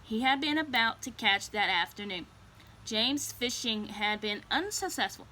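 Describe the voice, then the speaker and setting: A woman reads a children's story aloud, gentle and slow. Her voice sits a bit high and sounds bright and clear. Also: animated, slight background noise. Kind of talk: storybook reading.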